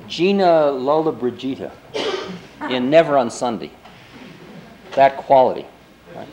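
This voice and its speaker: A man's voice: medium pitch, vocal fry, a little mellow, highs cut off. A man in his forties, a spiritual teacher giving a lecture, telling a story in a loose, conversational way full of "you know" and "I mean". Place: lecture before an audience.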